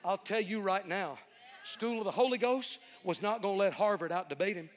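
In a large hall with long reverb, a man with a high voice preaches at normal speed. His storytelling sermon is folksy and conversational, then swells into a fervent preaching cadence.

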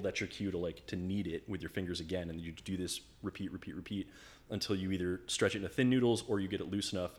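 A guest with a very low voice speaks at a brisk clip. He rambles through his stories and leans on "like" constantly, in a loose, conversational way. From United States. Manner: rambling storyteller, filler-heavy, full of "like". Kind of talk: casual conversation.

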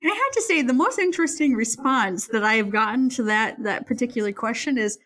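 A woman in casual conversation, an animated storyteller who laughs often while recounting a book. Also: fairly high pitch, fairly quick.

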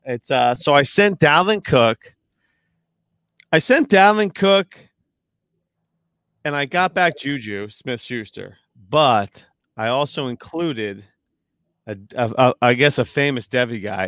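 A man chatting casually as a podcast host, telling a story in an excitable, profane way and often trailing off mid-sentence. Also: mid-range voice, no room sound. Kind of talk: casual chat. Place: at home.

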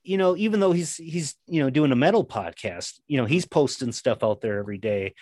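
A man's voice: medium pitch, brisk, warm tone, dry recording, clean studio sound. A man chatting as a podcast guest, telling long, rambling stories full of fillers and restarts. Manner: rambling storytelling, many fillers. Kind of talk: casual chat.

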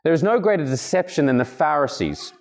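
Earnest higher-voiced male preacher. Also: expressive, fairly quick, vocal fry. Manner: earnest, emphatic, acts out quoted speakers with raised pitch. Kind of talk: expository sermon.

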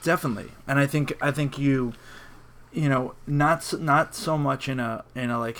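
A man working as a high school campus minister, chatting on a podcast in a halting way with many fillers. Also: flat delivery, a bit bright. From New York area. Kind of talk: casual podcast chat.

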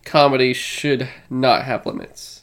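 A man co-hosting a podcast in casual chat, excited and profane, often restarting his sentences. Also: medium pitch, measured pace, creaky. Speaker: podcast co-host.

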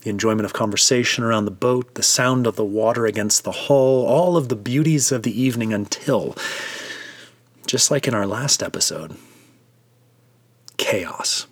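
A man's voice: fairly low pitch, normal speed, slightly rough, dry recording. A man, a preacher, leading listeners through a vivid, immersive devotional retelling of a story.

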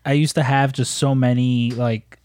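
A man's voice: mid-range voice, level tone, moderate pace, a little mellow, dry recording, studio quality. Rambling, swearing man telling stories. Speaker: podcast co-host. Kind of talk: casual chat.

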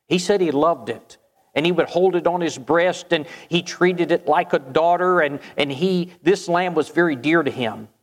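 Male preacher, raised pitch, storytelling sermon, long reverb tail. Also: moderate pace. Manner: storytelling with rhetorical questions.

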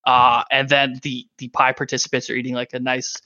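A man narrating a tabletop game as dungeon master, halting with many fillers. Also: mid-range voice, completely flat delivery, bright, forceful tone, no room sound, highs cut off.

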